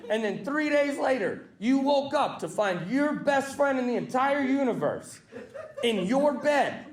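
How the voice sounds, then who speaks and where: A man from the US South doing a brash, profane stand-up set on a club stage, often shouting punchlines. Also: very high voice, expressive, measured pace, background noise. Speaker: stand-up comedian. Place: comedy club stage with live audience. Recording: echoey club with loud crowd laughter.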